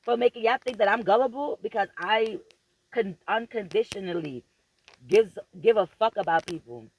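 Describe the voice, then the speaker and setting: A woman's voice: mid-range voice, moderate pace, low-quality recording. A woman vlogger giving a profane, emphatic and preachy motivational rant straight to her viewers, repeating phrases for emphasis.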